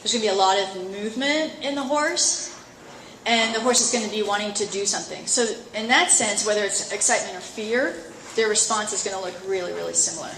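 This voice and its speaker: A middle-aged woman coach teaching a live seminar at a horse expo, chatty and lively, acting out her inner thoughts. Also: mid-range voice, a little fast, a little hiss or hum. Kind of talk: live talk to an audience. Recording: roomy echo, faint ambience.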